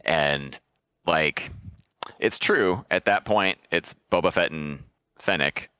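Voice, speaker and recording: A man with a very deep, smooth, resonant voice and a bright, forceful edge. He speaks in a measured, deliberate way during a casual podcast chat. The sound is dry and close. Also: no echo. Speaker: podcast co-host.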